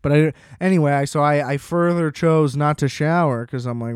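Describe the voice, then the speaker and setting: Young adult man, casual comedic monologue. Smooth voice, dry room sound, sardonic rambling delivery. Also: a little high, moderate pace, few pauses, dry recording. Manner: rambling, sardonic, self-deprecating. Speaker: solo storyteller. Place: small room at home.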